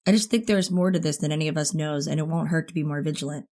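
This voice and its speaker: A woman reading an audiobook, voicing a protective teenage boy who asks anxious, fast questions. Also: deep voice, a little mellow. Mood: earnest.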